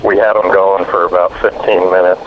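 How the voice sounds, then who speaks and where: A male caller tells an anecdote to a radio show in a relaxed way. His voice is low and comes through a muffled phone line. A clear hiss runs under it. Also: brisk. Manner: relaxed storytelling. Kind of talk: phone-in story.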